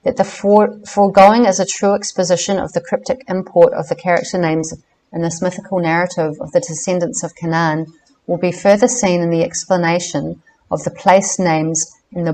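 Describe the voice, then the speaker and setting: Woman, lowish voice, careful book reading, measured delivery. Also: a little mellow, slight background noise, poor audio. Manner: careful, measured reading with self-corrections on names. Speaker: reader of a book.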